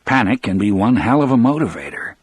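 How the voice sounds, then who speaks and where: A man's voice: medium pitch, sing-song, brisk, husky, no room sound. A man narrating an audiobook in the first person, with a dramatic storyteller delivery.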